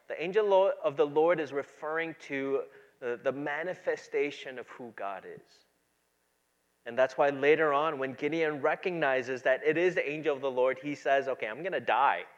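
A pastor preaching a sermon, moving between quiet, low asides and loud, emphatic passages. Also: male voice, highs cut off.

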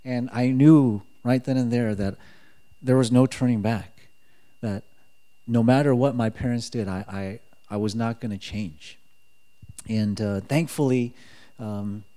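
A man giving a personal faith testimony in casual storytelling style, animated and acting out quoted dialogue. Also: mid-range voice, a little slow. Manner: animated, acts out quotes, frequent "like" fillers.

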